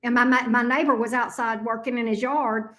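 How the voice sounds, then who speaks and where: A woman's voice: on the high side, fairly even intonation, fairly quick, a bit bright. A woman, a tarot reader chatting casually and profanely on a live stream from her home office. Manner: profane, chatty, self-mocking.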